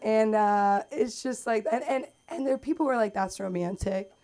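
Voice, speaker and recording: A woman's voice: a little high, moderate pace. Chatty young woman doing stand-up. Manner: chatty, rambling, animated with acted-out quotes. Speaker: stand-up comedian. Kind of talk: stand-up set at an open mic. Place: comedy club stage under bright lights.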